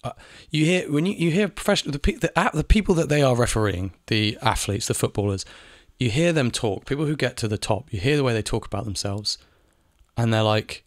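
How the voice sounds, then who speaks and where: A man's voice: medium pitch, lively intonation, fairly quick, no room sound, clean studio sound. A man talking in a casual monologue, ranting, repeating phrases and swearing now and then. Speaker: video essayist. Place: home in Spain.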